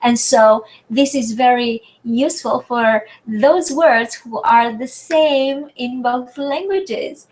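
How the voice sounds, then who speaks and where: French-accented woman, webinar tutor, halting delivery full of fillers, computer mic. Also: fairly high pitch, fairly even intonation, rough recording. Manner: hesitant, searching for words with many fillers. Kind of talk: live online Q&A lesson. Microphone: computer mic on a video call.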